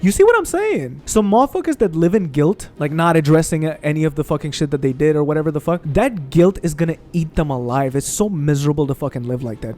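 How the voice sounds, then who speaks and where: A young man, a gaming streamer, telling stories in an expressive, profane, animated way over his gameplay, speaking into a desk condenser mic at home. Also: on the high side. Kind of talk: casual storytelling over gameplay.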